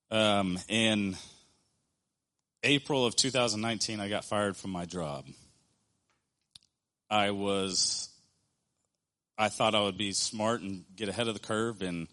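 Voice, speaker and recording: A man's voice: fairly low pitch, fairly bright tone. Earnest man preaching a sermon. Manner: earnest, conversational, with slow emphatic pauses.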